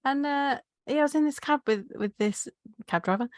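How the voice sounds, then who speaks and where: Southern English woman, podcast co-host, high-ish voice, chatty, laughing, dry recording. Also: normal speed, no room sound. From Kent, England. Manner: laughs often, chatty storyteller. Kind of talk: casual chat.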